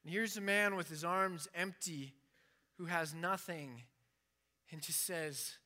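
A man's voice: on the high side, slow, pushed and bright. A man giving an informal sermon with passion, acting out the prayers he quotes. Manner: impassioned, acts out quoted prayers. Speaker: preacher.

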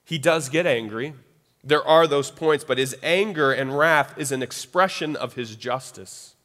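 A man's voice: mid-range voice, unhurried, fairly bright tone. A man preaching a sermon in a loose, conversational way. He acts out quoted voices and keeps checking in with "right?". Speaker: pastor. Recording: long hall reverb.

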